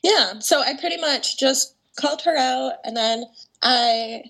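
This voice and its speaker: A young woman with a morning voice, a guest singer-songwriter chatting casually in a podcast interview, full of "like" and "um" and quick laughs. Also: high voice, creaky, a bit bright. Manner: chatty, laughs often, many fillers like "like" and "um".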